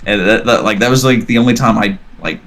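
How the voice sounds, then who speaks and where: A man's voice: fairly low pitch, fast talker, a bit bright. Man rambling through a story. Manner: rambling anecdotal storytelling, reenacting dialogue. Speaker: podcast talker telling a story. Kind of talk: casual chat. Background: faint background music.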